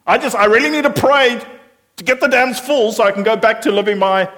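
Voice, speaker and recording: A man's voice: very high-pitched, a little fast, a bit bright, voice pushed up. A self-satisfied man chirps in a raised, breezy voice, thinking only of himself, as a preacher mimics him. He sounds smug and carefree.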